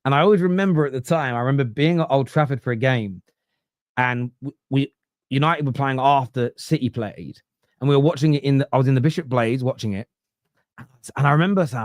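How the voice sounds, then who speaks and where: A man's voice: medium pitch, fairly quick, dry recording, studio quality. A man hosting a football podcast, ranting casually with swearing, digressions and mocking asides. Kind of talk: casual opinionated rant.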